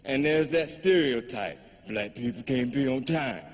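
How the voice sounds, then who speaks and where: A man doing stand-up comedy, telling a story in a wry, drawling way with pauses. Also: medium pitch, lively intonation. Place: live comedy venue, large hall. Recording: live hall reverb, faint ambience.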